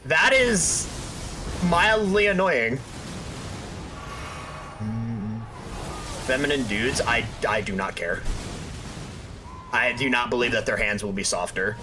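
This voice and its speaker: A man's voice: lowish voice, unhurried, long pauses, music in the background. A young man streaming a game, chatting casually with his viewers and joking, trash-talking and bantering playfully. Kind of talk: casual live-stream chat while gaming.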